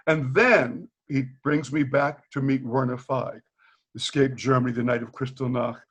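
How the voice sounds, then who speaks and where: A retired Boston teacher, an older man, is a guest on a video call, candidly telling stories with a mid-range, slightly rough voice at a moderate pace. The audio sounds dull. He is animated, acts out the quoted dialogue in different voices, and laughs often.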